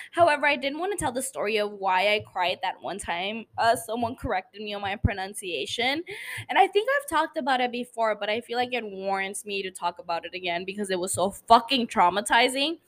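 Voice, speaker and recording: Woman host with a non-native accent, a little tipsy, blunt and profane, higher-pitched. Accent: non-native English accent. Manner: profane, blunt, animated ranting with laughs. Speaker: podcast host. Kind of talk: casual podcast monologue.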